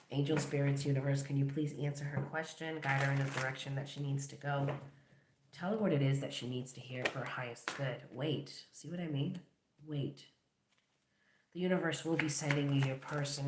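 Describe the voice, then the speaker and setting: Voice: medium pitch, echoey room, background noise. A tarot reader giving a collective reading, talking straight to the viewer in an encouraging, affirming way.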